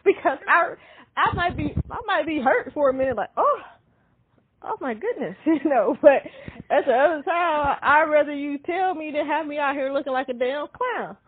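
A woman in her thirties, co-hosting a casual chat and telling candid, animated stories with frequent laughter. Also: high-pitched, moderate pace. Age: 30s. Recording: dry, tinny phone-like sound.

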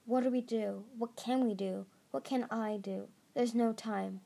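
Woman doing a loyal young male dragon, panicked, gravelly, audiobook. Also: fairly high pitch, steady tone, warm tone. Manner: panicked rushed questions. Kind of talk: amateur audiobook reading.

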